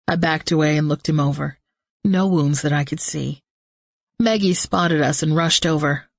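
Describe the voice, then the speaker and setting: A woman reading a first-person audiobook in a tense, measured storytelling manner, close to the mic. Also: sits low, no room sound. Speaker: audiobook narrator.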